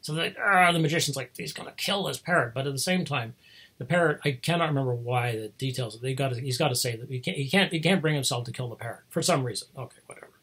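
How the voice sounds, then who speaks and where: A man's voice: medium pitch, fast, fairly bright tone, slightly rough. A man telling a long, meandering story in a casual, self-deprecating way, chuckling often and losing his thread. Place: home, speaking remotely.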